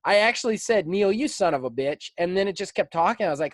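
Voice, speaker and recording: A man in his thirties hosting a podcast, telling a story in a lively, animated casual chat. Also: high voice, fast, no echo. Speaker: podcast host.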